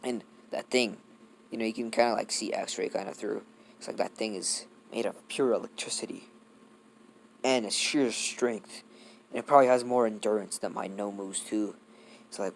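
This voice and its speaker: A man's voice: lowish voice, normal speed, slight background noise. A young man casually improvising a fan-fiction story, rambling and swearing, with lots of fillers. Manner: rambling, profane, heavy on fillers. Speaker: YouTube storyteller.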